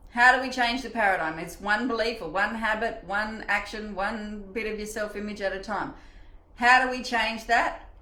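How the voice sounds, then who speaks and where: A middle-aged woman leading a live online coaching session in a chatty, animated way, acting out the voices in her head. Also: mid-range voice, moderate pace, echoey room, low-quality recording. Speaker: mindset coach.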